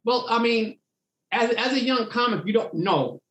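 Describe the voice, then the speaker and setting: Animated storytelling comedian, high voice. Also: male voice, normal speed, roomy sound, dull audio. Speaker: comedian guest. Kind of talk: storytelling interview.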